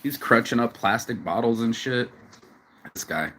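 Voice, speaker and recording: A man's voice: medium pitch, expressive, normal speed, pushed and bright, husky. An emotional man talking outdoors in a rambling vlog monologue, restarting phrases and swearing casually. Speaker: vlogger. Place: outdoors, sitting on a bench.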